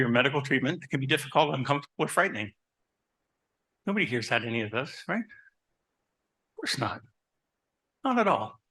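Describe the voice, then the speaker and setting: Man, husky voice, forceful, animated speaker, rhetorical questions, conversational talk. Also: mid-range voice. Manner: animated, asks the audience questions; personal anecdotes, conversational. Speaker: therapist giving a talk. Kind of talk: live presentation to an audience.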